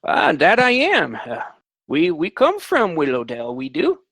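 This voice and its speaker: A man's voice: on the high side, wildly swooping pitch, a little slow, a bit bright, no echo, exaggerated voice. A man voicing a friendly, hard-of-hearing old man who drives a wagon. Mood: cheerful.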